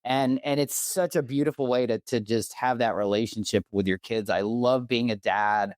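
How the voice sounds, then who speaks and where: A man's voice: medium pitch, steady tone, moderate pace, dry recording, studio quality. A man hosting a conversational podcast interview, speaking in a heartfelt and enthusiastic way. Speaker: podcast host.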